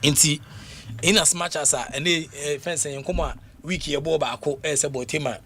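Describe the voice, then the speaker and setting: A man with a Ghanaian accent talking sports on the radio in a casual, animated way, laughing often and full of fillers and repeats. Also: on the high side, normal speed, crowd noise. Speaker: radio sports show panelist. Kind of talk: casual radio sports talk mixing English and Twi.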